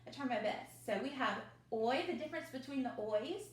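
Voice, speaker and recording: A woman teacher, leading young children through a phonics review with slow, drawn-out drills and cheerful asides, recorded at home. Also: high voice, animated. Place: home, at her mother's desk. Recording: echoey room.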